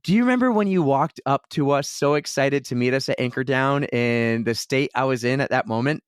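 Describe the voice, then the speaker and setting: A man co-hosting a running podcast in casual chat, telling animated stories and mimicking others. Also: a little fast, smooth, no room sound, studio quality. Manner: animated storyteller, mimics others in high voices. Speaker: podcast co-host.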